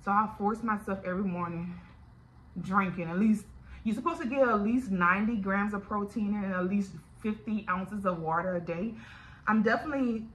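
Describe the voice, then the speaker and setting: A woman's voice: mid-range voice, sharp tone, poor audio. A woman with a Louisiana accent, chatting candidly and directly to her viewers in a casual video diary. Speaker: vlogger. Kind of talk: casual chat to camera.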